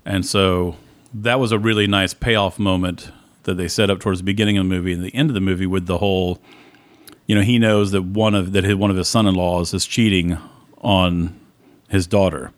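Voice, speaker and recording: A man's voice: low voice, steady tone, brisk, no echo. This is a man, chatting casually about a film. He rambles, restarts his sentences and stays keen. The recording is dry and close, with no room sound. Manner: rambling, self-correcting, enthusiastic. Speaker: podcast co-host. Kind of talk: casual movie review chat.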